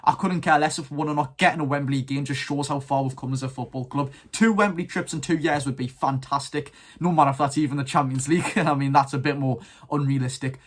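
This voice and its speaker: A man's voice: on the high side, fairly even intonation, fast talker. A seventeen-year-old with a Geordie accent, chatting casually to camera about his football club with strong opinions. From North East England. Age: teens. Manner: chatty, rambling, keen opinions. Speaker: football fan vlogger.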